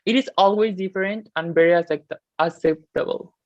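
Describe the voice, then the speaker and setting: A woman's voice: lowish voice, a little fast, darkish tone, dry recording. A woman interviewing classmates, reading her questions carefully with small restarts. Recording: dull lo-fi recording.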